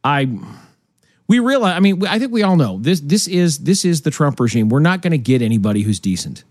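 A higher-voiced man talks with a lively, swinging pitch, mocking and animated, and often breaks into laughs. The room sounds dry and close. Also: brisk, dry recording. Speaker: podcast co-host. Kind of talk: casual political chat.

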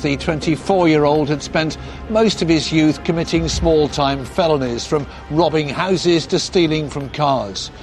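A man presenting a documentary, delivering lines dramatically and posing questions. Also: a little high.

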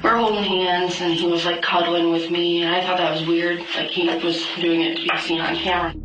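A woman's voice: fairly low pitch, level tone, a little fast, roomy sound, music in the background, poor audio. A woman in a recorded interview, candidly retelling events with quoted speech.

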